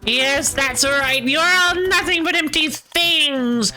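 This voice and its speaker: A woman voicing a paranoid conspiracy ranter in a game, loud, theatrical and accusing. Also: sits high, slow pace, soft background music, pitched above the performer's own voice, heavily acted, low-quality recording. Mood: ranting. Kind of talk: voicing game characters on stream.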